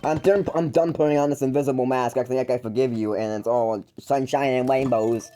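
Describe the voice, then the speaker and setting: A man's voice: medium pitch, a little fast, hardly any pauses, mellow, a little hiss or hum. A man ranting into the camera to call out his brother, stumbling and restarting often, mocking and exasperated. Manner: rambling, with frequent stumbles and restarts. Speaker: YouTuber calling out his older brother.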